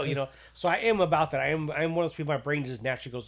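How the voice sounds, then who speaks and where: A man's voice: mid-range voice, lively intonation, very fast, few pauses. A man on a casual podcast, telling a long story and acting out the people in it. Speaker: podcast host.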